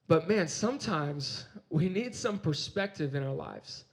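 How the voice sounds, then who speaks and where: A man's voice: fairly high pitch, expressive, unhurried, few pauses. A young adult man giving a youth sermon, telling a personal story with energy and often repeating his words. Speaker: campus ministry speaker.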